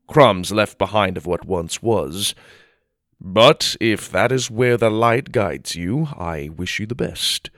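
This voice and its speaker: A man voicing a calm, wise human ambassador who speaks in a measured, gently authoritative way. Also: on the low side, dry recording, studio quality.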